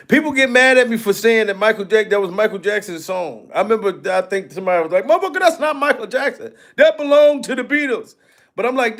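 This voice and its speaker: A man hosting a livestream, chatting casually, laughing often, swearing freely and shouting out donors. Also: sits high. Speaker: livestream host.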